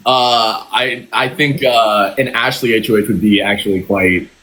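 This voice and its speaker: A man's voice: lowish voice, steady tone, a little slow, a bit bright, slight background noise. A man joining a casual phone live stream as a guest, laid-back and playful. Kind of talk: casual chat. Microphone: phone livestream.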